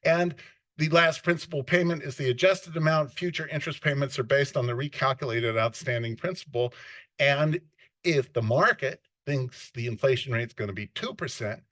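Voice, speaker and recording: A man lecturing a class in a conversational, unscripted way, often stopping to restart and rephrase his sentences. His voice sits at an ordinary middle pitch. The recording is close and dry, with almost no room sound. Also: normal speed, fairly bright tone, dry recording. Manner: unscripted, frequent restarts and self-corrections.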